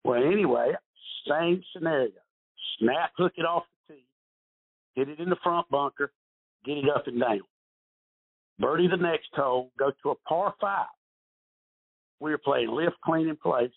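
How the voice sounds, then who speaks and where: Man, middle-aged, golf pro guest, rambling storyteller, breathy, tinny phone-like sound. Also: a little high, moderate pace, pauses often. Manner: rambling, repeats words, animated storytelling. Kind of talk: casual storytelling interview. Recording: husky voice over a tinny phone-like line.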